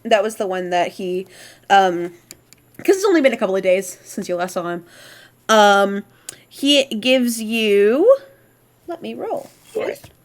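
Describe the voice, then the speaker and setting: A woman's voice: medium pitch, big pitch swings, measured pace, pauses often. A woman game master narrating a tabletop horror game, casually, with frequent ums and restarts. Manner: hesitant, many fillers.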